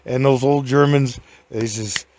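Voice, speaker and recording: A man with a gravelly, creaky voice tells a rambling, folksy anecdote. He chuckles often and drifts from one tale to the next in a loose, homespun way. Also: mid-range voice, fairly even intonation, unhurried, darkish tone, no echo. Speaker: podcast host and storyteller.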